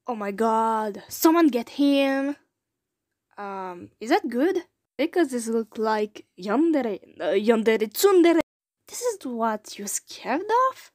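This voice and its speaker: French woman, high and animated, reads fan audition lines slowly with giggly retakes. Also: no echo, studio quality. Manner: retakes lines, breaks into giggles between takes.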